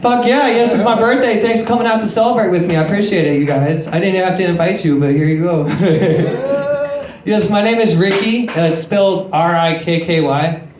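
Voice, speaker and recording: A man's voice: high-pitched, normal speed, darkish tone. A man in his late twenties doing a stand-up set on a comedy club stage, telling crude, self-mocking stories into a handheld mic. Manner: crude, self-mocking storytelling with frequent swearing. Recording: echoey club room.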